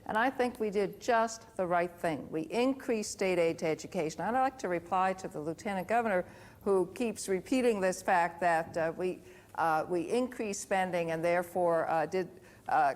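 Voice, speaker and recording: A woman, a state governor, replying in a televised debate in a measured way with frequent hesitations. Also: on the low side. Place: TV studio.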